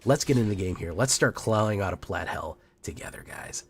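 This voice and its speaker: A sick man with a hoarse, deep and raspy voice, chatting casually as a game streamer with many fillers and quiet trailing asides. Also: lively intonation, brisk, slight background noise. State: hoarse from illness.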